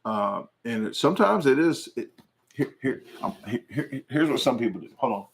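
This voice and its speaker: A man with a creaky, mid-range voice and lively intonation hosts a casual livestream at a moderate pace, with slight background noise. He rambles through viewer comments, joking and laughing often.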